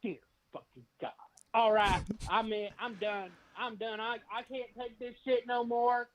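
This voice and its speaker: A man's voice: extremely high pitch, level tone, measured pace, a little hiss or hum. A man on the receiving end of a prank phone call, talking in a furious, profane way. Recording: muffled phone line.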